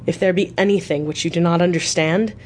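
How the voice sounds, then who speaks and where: A grave, reluctant male doctor speaks from a storybook reading, voiced by a woman narrator. His lines come solemn and deliberate in a fairly low voice. A faint hiss sits in the background. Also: steady tone, a little mellow, close to an everyday voice. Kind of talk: audiobook reading.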